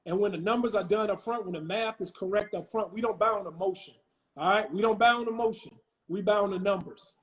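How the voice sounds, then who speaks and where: A man's voice: high-pitched, a little fast, fairly bright tone, rough recording. A man talking as a real estate investor guest in a casual live-stream chat, emphatic and slangy, repeating his phrases. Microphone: phone on a live stream.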